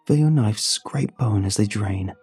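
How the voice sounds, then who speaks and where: A man's voice: lowish voice, unhurried, a little mellow, slightly rough, soft background music. A man voicing a young boy possessed by a demon, with a hissing, mocking, sing-song manner. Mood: gloating menace.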